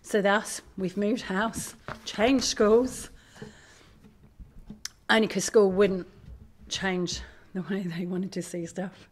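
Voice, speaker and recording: A middle-aged woman giving a candid, animated talk to an audience as a parent. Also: mid-range voice, slow. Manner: animated, candid, self-deprecating. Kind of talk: live presentation to an audience.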